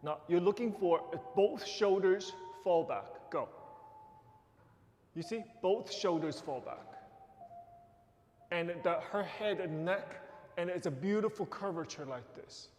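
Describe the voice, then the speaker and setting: A man's voice: sits high, takes it slowly, long pauses, darkish tone, long reverb tail, slight background noise. A man teaching a ballet class, counting beats and giving short corrections and praise. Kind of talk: live class instruction. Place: dance studio.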